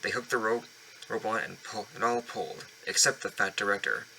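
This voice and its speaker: A man reads a children's story aloud, stumbling now and then and going back over words. His voice sits fairly low but comes across bright and crisp, recorded at home. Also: steady tone, brisk, slight background noise, rough recording. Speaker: reader of a children's book. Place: home basement.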